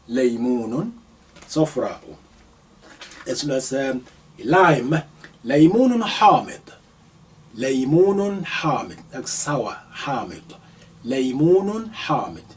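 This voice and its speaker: A man teaching Arabic vocabulary in a live lesson, repeating each word several times with careful, deliberate enunciation. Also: mid-range voice, far from the mic. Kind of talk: live vocabulary lesson, slow repetition drills.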